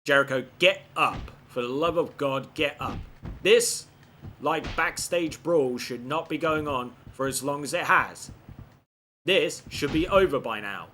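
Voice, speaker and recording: Bright-voiced man cursing through game commentary. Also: on the high side, a little slow, a little hiss or hum. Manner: animated, swears often, frustrated outbursts. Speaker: video game player. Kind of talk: playthrough commentary.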